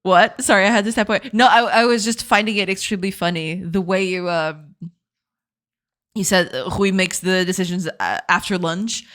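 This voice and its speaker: A woman livestreams her game development work, speaking at a medium pitch with fairly even intonation and a moderate pace. She chats casually, laughs a lot, reacts warmly to her chat, and repeats words while hunting for the right ones.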